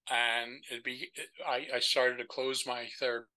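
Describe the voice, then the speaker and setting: Bright, sharp-toned older man telling stories. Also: medium pitch, normal speed, rough recording. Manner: animated storyteller who acts out the voices of the people he quotes. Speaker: podcast guest. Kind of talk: storytelling conversation.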